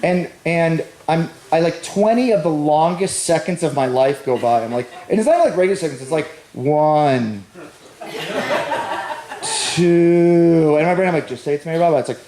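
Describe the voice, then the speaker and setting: Here's a stand-up set from a man whose voice is a little high, expressive, and warm, delivered at normal speed. He spins a rambling story at his own expense and banters with a live audience. The big, echoey venue comes through in a roomy live stage recording.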